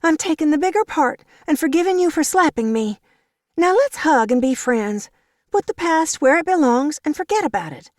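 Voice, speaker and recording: A woman's voice: expressive, moderate pace, no echo, clean studio sound. A woman doing a whiny, wailing young woman of twenty-five. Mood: pleading. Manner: wailing, pleading, high and tearful.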